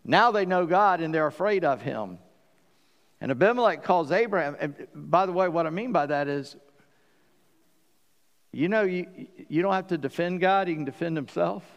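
A pastor preaching to his congregation, his voice sitting high for a man. He tells the story with animation and slips into the voices of the people in it. The sound carries a long reverb from a large hall. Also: expressive, normal speed, lo-fi sound. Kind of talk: sermon.

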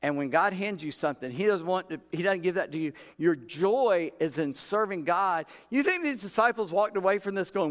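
A man's voice: high-pitched, lively intonation, moderate pace, hardly any pauses. A man preaching a sermon in a church, telling stories in a folksy way and acting out the voices in his quotes. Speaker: pastor. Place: church sanctuary. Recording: long hall reverb.

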